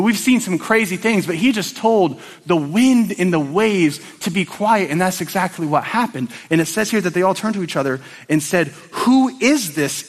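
A man preaching a sermon to his church, animated and storytelling, acting out scenes in quick little voices. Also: high-pitched, in a large hall.

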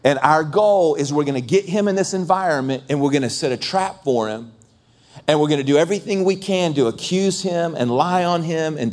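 A man voicing a calculating queen who calmly lays out a plot. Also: on the high side. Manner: plotting, matter-of-fact. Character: scheming queen, cold and calculating.

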